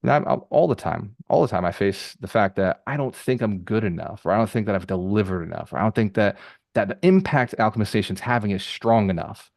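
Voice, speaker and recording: A man hosting a group call as a real estate mentor, giving an energetic motivational talk with rapid, repeated phrases. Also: lowish voice, vocal fry, dry recording, clean studio sound.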